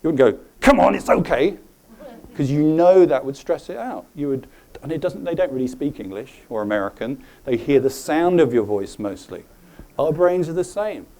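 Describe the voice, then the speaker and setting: A middle-aged man giving a live presentation to an audience, animated and often checking in with questions. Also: fairly high pitch, normal speed. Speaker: presenter at a health talk.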